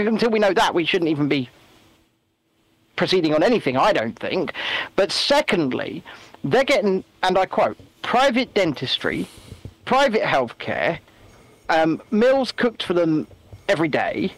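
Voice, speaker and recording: A man co-hosting a casual chat show, talking in a high, lively voice that climbs and drops freely. He slips into mocking voices to make his points. The sound is dry and close to the mic. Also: measured pace, long pauses, no room sound. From England. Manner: animated, mocking voices for effect. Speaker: podcast co-host.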